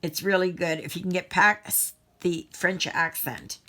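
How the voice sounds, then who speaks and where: Middle-aged woman from Canada, casual rambling chat, bright tone, slow pace. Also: fairly low pitch, steady tone. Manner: rambling, self-interrupting, chatty. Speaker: craft vlogger. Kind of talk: casual chat while crafting.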